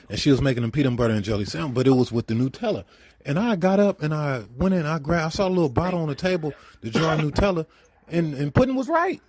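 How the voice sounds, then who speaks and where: A man's voice: mid-range voice, lively intonation, quick pace, darkish tone. A man on a podcast telling a rambling, profane story in casual chat.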